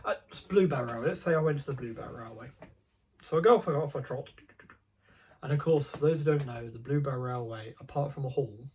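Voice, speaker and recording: A man's voice: medium pitch, a little fast, a little mellow, a little hiss or hum, low-quality recording. A young man chatting casually about his model railway hobby, rambling and digressive with many ums and restarts.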